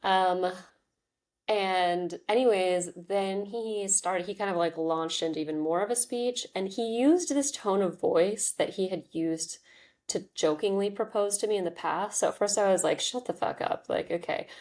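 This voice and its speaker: Unhurried and a little mellow, this medium-pitched woman in her thirties shares a personal story on her podcast. She's candid and chatty, with lots of "like"s and "um"s.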